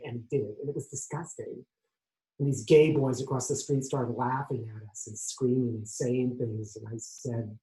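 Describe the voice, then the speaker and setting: Emotional older man telling his story. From Arizona. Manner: emotional, with sharp swings in volume and pitch. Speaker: solo stage performer. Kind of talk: autobiographical theatrical monologue. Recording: echoey room.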